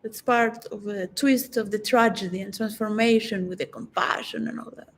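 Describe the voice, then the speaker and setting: A woman's voice: medium pitch, poor audio. A woman giving a reflective, philosophical solo monologue that rambles and halts, with frequent restarts. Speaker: vlogger.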